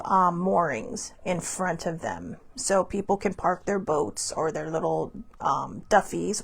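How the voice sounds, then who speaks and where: A woman hosts a podcast, telling stories casually in a rambling monologue full of asides. Her voice is lowish and husky, with vocal fry.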